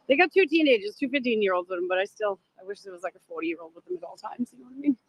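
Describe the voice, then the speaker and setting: A woman's voice: mid-range voice, big pitch swings, fast talker, husky, rough recording. A middle-aged woman with a Boston accent, chatting with viewers and passersby on a phone livestream from a crowded sidewalk. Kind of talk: walking livestream chat. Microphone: handheld phone.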